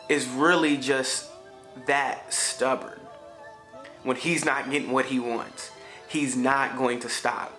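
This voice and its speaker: Man, family vlogger, slangy casual storyteller, bright voice, faint music under him. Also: medium pitch. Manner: slangy, conversational, frequent fillers. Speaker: father vlogger.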